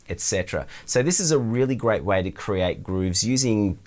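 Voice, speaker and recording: A middle-aged Australian man teaching drums, explaining stickings in a relaxed way. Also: fairly low pitch, moderate pace, hardly any pauses. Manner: relaxed, explanatory, counts in before playing. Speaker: drum teacher. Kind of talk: instructional demonstration.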